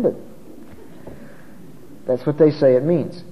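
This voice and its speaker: This preacher's voice sits on the high side and his intonation is lively as he works through an expository sermon. He slows and emphasizes key words, captured muffled in a spacious church hall.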